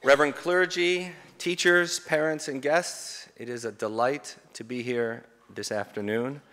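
A man's voice: mid-range voice, a little slow, some chatter behind, slight background noise. Middle-aged man speaking in a reverberant hall. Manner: animated, acts out children's cries and parents' shouts. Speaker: conference speaker, seminary professor. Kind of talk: conference talk with storytelling. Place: conference hall.

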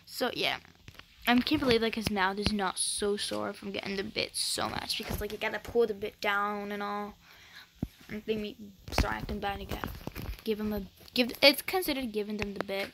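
A woman's voice: medium pitch, fairly even intonation, brisk, creaky, background noise. A woman chatting casually over a video game, rambling with lots of fillers. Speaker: gaming vlogger. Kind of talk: casual chat over gameplay.

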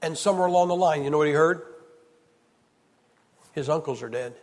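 A man preaching a sermon with emphatic rhetorical questions, swinging from loud declarations to hushed storytelling. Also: a little high, a little fast. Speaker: evangelist preacher. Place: large church hall. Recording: long hall reverb.

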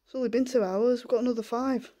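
A woman filming a casual home vlog in her living room, talking softly and in coaxing baby talk to a puppy, often half-whispering, on a handheld camera. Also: fairly high pitch, steady tone, quick pace. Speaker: vlogger.

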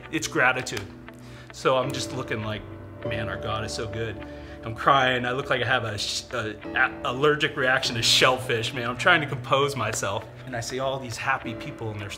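A man shares his own testimony in church, talking in a candid, animated way. Soft music plays under his voice. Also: medium pitch. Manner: animated, candid storytelling with frequent fillers. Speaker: church member giving testimony. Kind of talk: personal testimony.

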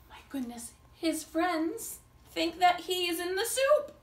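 Animated woman reading a story aloud. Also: extremely high pitch, measured pace, reverberant, far from the mic. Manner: animated, asks the listener questions. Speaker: teacher. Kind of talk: reading a picture book aloud to a child.

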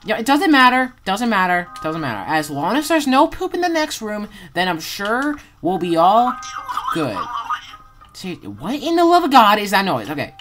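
A woman giving rambling, excitable gameplay commentary as a channel host, with sudden loud outbursts and swearing. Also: medium pitch, moderate pace, soft background music, rough recording.

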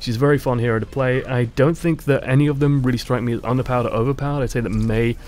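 A man giving measured, explanatory commentary on a video game in a vlog. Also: medium pitch, fairly even intonation, darkish tone. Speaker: gaming YouTuber.

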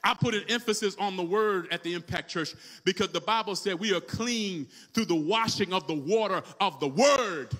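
A male pastor preaching a sermon in a church, calling out to the congregation and rising into shouts. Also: high voice, normal speed, hardly any pauses. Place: church sanctuary.

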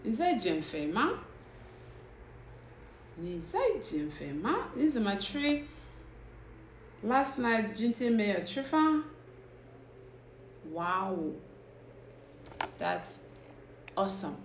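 A young woman hosts a casual livestream and chats unhurriedly with her viewers, teasing them about what they tell her. Her voice sits at a middle pitch and rings out in a roomy, echoey space. A faint background noise runs underneath. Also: big pitch swings, very slow, pauses often. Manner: chatty, teasing, reacts to comments. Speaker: livestream host.

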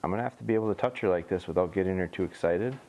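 A man's voice: low voice, racing, warm tone, muffled recording. A man who trains bird dogs, casually explaining what he is doing as he works a young dog outdoors. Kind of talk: casual training vlog commentary.

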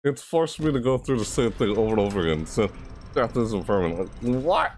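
A gaming channel host playing a horror game, panicking out loud with yelps, shrieks and repeated cries of alarm. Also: medium pitch, very animated, a little fast, slight background noise. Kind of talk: horror game let's play commentary. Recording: game music loud under the voice. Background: loud tense game music.

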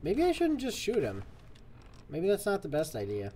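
A man's voice: high-pitched, wildly swooping pitch, normal speed, mellow, a little hiss or hum. A man giving live commentary on a game he is playing, jokey and exasperated as he talks to the game. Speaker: streamer.

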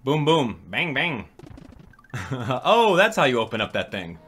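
A young man, a gaming channel host, talks through a game in a lively commentary voice whose pitch leaps up and down as he gets excited. He jokes around and chats back to his viewers, with faint music playing underneath. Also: a little slow. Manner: excitable, jokey, reads and answers chat. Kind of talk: live gameplay commentary.

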